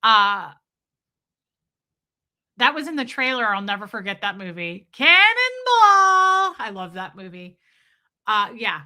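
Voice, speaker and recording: Woman streamer rambling with her chat, very bright voice, kinda giggly. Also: mid-range voice, measured pace, long pauses. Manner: chatty, reads chat aloud, giggly. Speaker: livestream host. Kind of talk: casual livestream chat.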